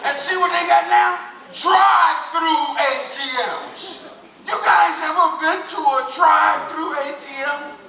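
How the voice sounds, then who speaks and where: An older man doing stand-up comedy on a casino stage, with loud punchy delivery and shouted punchlines. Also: very high voice, fairly even intonation, a little slow, gravelly, noisy background. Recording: echoey audience recording from far off. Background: faint crowd laughter.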